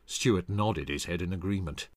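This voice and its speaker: A man reading a scripted history narration in a dramatic, expressive way into a close studio mic. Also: sits low, moderate pace, no echo.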